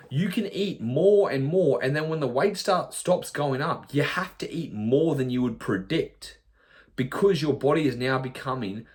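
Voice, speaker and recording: A man, a nutrition coach, talking bluntly in a podcast monologue, swearing often and mimicking clients in quick asides. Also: medium pitch.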